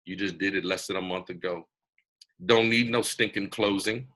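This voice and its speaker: Animateur au parler du Sud américain, exubérant, familier et plein de digressions, voix brillante sur un micro d'ordinateur. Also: male voice, low voice, normal speed. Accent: Southern US. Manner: animated, digressive, folksy, laughing. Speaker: host of a mentorship webcast. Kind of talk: motivational talk on a video call. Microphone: computer mic on a video call.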